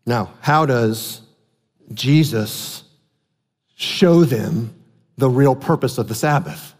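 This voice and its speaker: A man preaching a sermon as pastor, animated and asking his congregation questions. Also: mid-range voice, takes it slowly, long pauses. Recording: long hall reverb.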